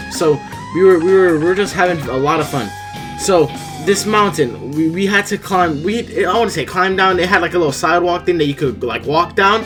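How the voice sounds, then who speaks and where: A young man casually telling a storytime vlog, rambling and profane, with lots of restarts and animated bursts. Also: on the high side. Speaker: storyteller vlogger.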